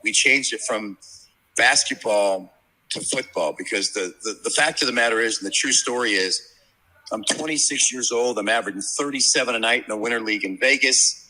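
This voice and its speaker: A man's voice: medium pitch, brisk, pushed and bright, rough recording. A man in his fifties, a sports handicapper, telling brash, profane, rambling stories in casual podcast chat. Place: media row at a sports event.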